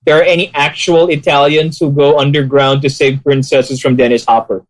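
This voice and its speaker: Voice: medium pitch, flat delivery, no echo, low-quality recording. Co-host making dry jokes on a podcast. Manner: joking, quick asides. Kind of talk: casual podcast chat.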